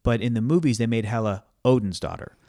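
A man's voice: medium pitch, fast, dark tone, no room sound. Man, casual podcast chat, rambling, dry close sound. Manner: rambling storyteller, many fillers and restarts. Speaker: podcast co-host.

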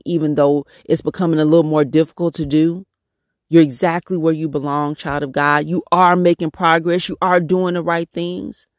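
A man hosting a devotional podcast, praying and encouraging listeners in a halting, repetitive way. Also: on the high side, no room sound, clean studio sound. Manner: halting, repetitive prayer phrasing. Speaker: podcast host leading prayer.

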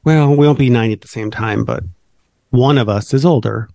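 A man's voice: mid-range voice, fairly quick, gravelly, darkish tone, dry recording. A playful man co-hosting a podcast, quizzing and needling his partner in a casual, teasing way. His voice sits in an ordinary middle register. The sound is dry and close, with no room around it. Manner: playful, teasing quiz-master. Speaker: podcast co-host. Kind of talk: casual chat.

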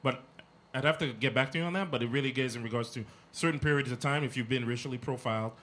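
Animated man telling a story. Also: medium pitch, quick pace. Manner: animated, acts out dialogue in anecdotes. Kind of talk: casual storytelling chat.

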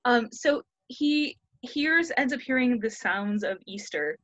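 A woman's voice: a little high, lively intonation, a bit bright, no room sound. A woman in her thirties retells an old tale with a casual, cheeky edge, swearing freely and jumping into characters' lines. Her voice is close and dry, with no room sound. The audio is slightly dull and lo-fi. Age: 30s. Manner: irreverent, profane, quick to act out characters' lines. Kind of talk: casual retelling of a classic story.

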